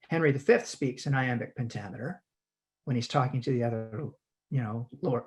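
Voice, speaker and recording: Give me a man speaking haltingly over a video call, stumbling over his words as he explains. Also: medium pitch. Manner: halting, frequent restarts and repeated words. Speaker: guest actor. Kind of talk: conversational teaching chat.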